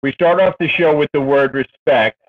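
A man's voice: fairly high pitch, moderate pace. A man hosting a casual interview, enthusiastic and praising his guest. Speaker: podcast host. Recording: tinny phone-like line.

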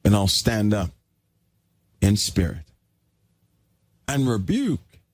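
A man's voice: medium pitch, slightly rough, no room sound. A man preaching a sermon in an emphatic, exhorting way.

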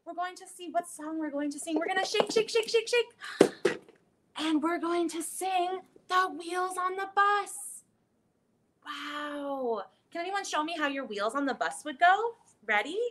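A woman hosting a children's storytime, reading a picture book and singing action songs in a playful, animated way. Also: very high-pitched, moderate pace, a little hiss or hum. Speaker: library storytime host.

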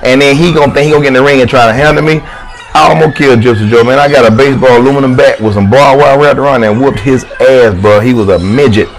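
A man telling a wrestling story in casual conversation, emphatic and profane, jumping into mocking high voices when he quotes people. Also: poor audio.

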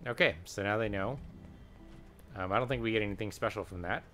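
A man gives a let's-play commentary in a lowish voice. He sounds chatty and wry, thinking aloud and pausing on ums as he shops and sorts gear. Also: fairly bright tone, soft background music. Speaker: gaming channel host.

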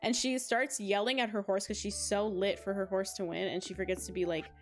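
A young woman plays a game on a live stream and chats with viewers, giggly and rambling with plenty of fillers. Her medium-pitched voice is steady in tone and a little quick, with game music playing behind her.

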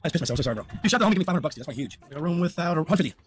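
A fast-talking man with a husky, high voice streams his own gambling. He is excitable and swears constantly, and his pitch swings wide as he breaks into shouts. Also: faint music behind. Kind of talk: live-stream reaction.

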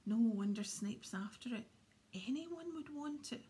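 A woman's voice: on the high side, lively intonation, measured pace, mellow, breathy edge, exaggerated voice. A woman voicing an earnest, wondering schoolboy in whispered role-play. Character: curious young schoolboy.

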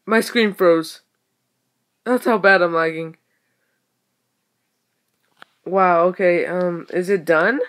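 A young woman giving casual game commentary, excitable, exclaiming and muttering to herself as she plays. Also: lowish voice, takes it slowly, pauses often. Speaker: gaming video creator.

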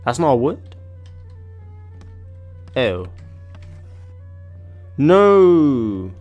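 A young man giving excitable, slangy commentary on a video game, often yelping and laughing. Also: mid-range voice, drawn-out words, muffled recording, soft background music. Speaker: gaming YouTuber. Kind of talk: gaming commentary.

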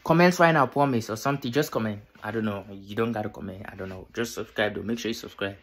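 A tired young man vlogging from his bedroom at night, keeping his voice low and repeating himself. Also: fast. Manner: tired, quiet near-whisper, repetitive. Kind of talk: casual vlog talk to camera.

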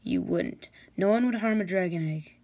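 A woman's voice: mid-range voice, normal speed, warm tone, natural voice. Woman doing a defiant, wounded ice dragon. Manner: pained, desperate.

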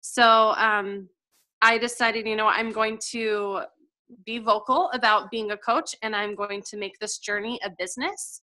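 A woman's voice: mid-range voice, fairly even intonation, measured pace, pushed and bright. A woman in her thirties telling her personal story in a chatty, emotional way, with lots of fillers. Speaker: guest coach sharing her story. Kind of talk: casual heartfelt testimonial.

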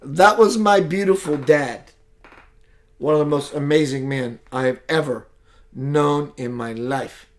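Male spiritual host, live broadcast, slow and emphatic, slightly high voice.

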